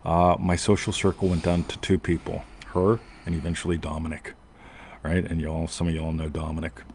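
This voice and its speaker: A man's voice: deep voice, level tone, moderate pace, a little mellow, a little hiss or hum. A man hosting a show, telling a long personal story in a rambling casual way and often asking "right?". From United States. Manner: rambling, self-interrupting, frequent "right?". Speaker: podcast host.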